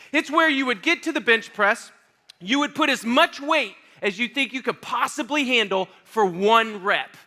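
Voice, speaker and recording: A man's voice: high voice, bright, forceful tone. A man preaching a youth sermon, telling a comic story about himself and acting out scenes, then speaking earnestly to his audience. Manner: playful, self-mocking, acts out scenes with voices and sounds; earnest and direct when addressing the audience. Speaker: youth pastor.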